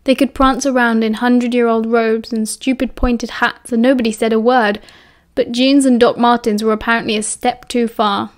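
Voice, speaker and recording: A woman's voice: a little high, little pitch movement, normal speed, few pauses. British woman reading an audiobook. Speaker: audiobook narrator. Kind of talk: audiobook narration.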